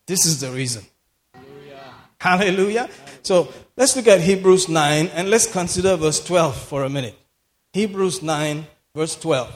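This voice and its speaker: A man's voice: a little high, normal speed. A man preaching a sermon in a church, emphatic, repeating phrases for effect and laughing often. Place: church hall. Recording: long hall reverb.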